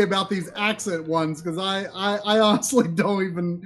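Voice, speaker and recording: A man's voice: high voice, fairly even intonation, moderate pace. A man with a faded Southern US accent chatting casually on a stream, often repeating words as he talks. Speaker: co-host.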